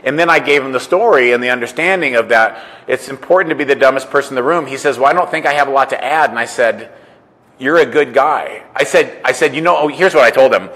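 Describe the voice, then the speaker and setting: A man's voice: medium pitch, fast talker, fairly bright tone, big-room sound, low-quality recording. A man telling a story in a casual monologue, repeating "I said" and acting out the dialogue he quotes. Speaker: entrepreneur and coach.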